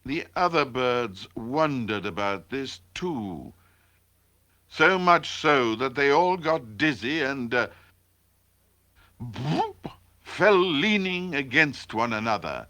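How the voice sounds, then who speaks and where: A man reading a children's storybook aloud, with animated and expressive narration. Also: medium pitch, slow. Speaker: storybook reader.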